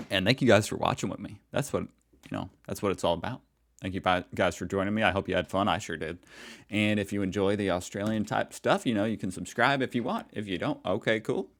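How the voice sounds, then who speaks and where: A man's voice: deep voice, vocal fry, fairly bright tone. A man with an American accent, hosting a reaction video in a casual, chatty and amused way. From United States. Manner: chatty and amused, laughs easily. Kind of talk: casual chat.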